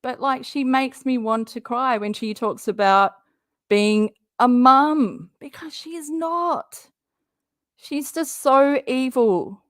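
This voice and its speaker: A woman runs a live commentary stream. She talks slowly and bluntly, calls out her target directly, swears, and stops to answer chat comments. Her voice is dry and close, with no room sound. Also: high voice, dry recording. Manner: reads viewer chat comments aloud.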